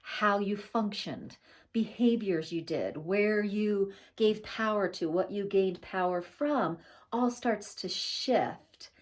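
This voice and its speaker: A woman's voice: medium pitch, takes it slowly. A woman in her forties talking casually to camera as a spiritual vlogger, chatty and laughing often, with many fillers.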